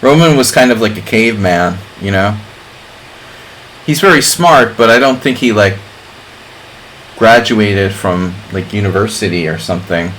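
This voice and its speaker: Rambling middle-aged man, lowish voice. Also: lively intonation, moderate pace, pauses often, a bit bright, slight background noise, poor audio. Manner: rambling, chatty, full of "like" fillers. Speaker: chess streamer. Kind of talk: casual live-stream chat.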